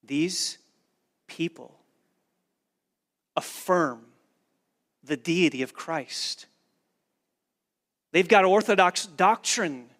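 A man's voice: high-pitched, animated, very slow, pauses often, a bit bright. A man preaching a sermon in an earnest, emphatic way, driving points home with repeated phrases. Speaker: pastor.

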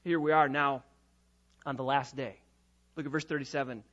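A man preaching a sermon as pastor, swelling from quiet teaching to loud, passionate proclamation. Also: mid-range voice, steady tone, normal speed, muffled recording. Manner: preaching with rising and falling intensity, sometimes loud.

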